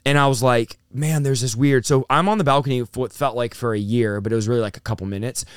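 A man's voice: medium pitch, steady tone, fast, clear, resonant tone, dry recording, clean studio sound. A young adult man, a pastor, giving an emotional testimony in an interview, intense and vivid as he acts out what was said. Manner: intense, storytelling with acted-out quotes. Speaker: pastor and guest.

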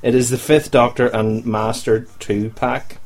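A man's voice: medium pitch, steady tone, measured pace. A young man, hosting a casual chat show and joking with the listeners. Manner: chatty, joking, talks to the audience. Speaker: podcast host.

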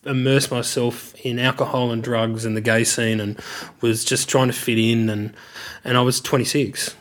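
A man's voice: mid-range voice, level tone, moderate pace. A middle-aged man with an Australian accent, candidly telling his life story in an interview, reflective and searching for words.

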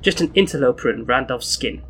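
A man's voice: mid-range voice, expressive, a little fast, a bit bright, slightly rough. A man voicing a wise-cracking talking black cat in a Brooklyn accent, from a card game's story text. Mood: knowing.

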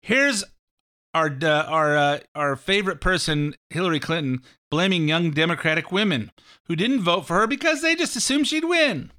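A man's voice: a little high, animated, normal speed, bright, forceful tone. A man hosting a talk show, rambling sarcastically through political commentary. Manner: rambling, sarcastic, mimics catchphrases.

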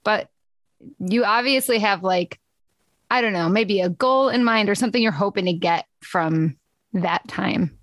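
A woman's voice: mid-range voice, unhurried, no echo, clean studio sound. A woman hosting a casual conversation, supportive, with many short agreements. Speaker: podcast host.

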